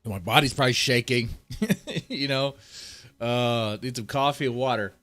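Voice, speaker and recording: A man's voice: mid-range voice, moderate pace, a bit bright, faint music behind. A man ranting in heated, profane political commentary, swearing often and reading articles aloud between outbursts.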